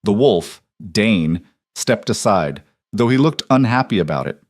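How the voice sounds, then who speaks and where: A man narrating a fantasy story in an even, measured way. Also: lowish voice, dry recording, studio quality.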